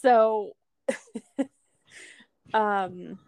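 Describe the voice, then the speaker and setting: A woman's voice: medium pitch, steady tone, extremely slow, creaky, darkish tone, clear, resonant tone, dry recording. Midwest woman podcast cohost, chatty, laughs a lot, dry close mic. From American Midwest. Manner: chatty, laughs often, fillers like "you know". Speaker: podcast co-host. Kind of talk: casual chat.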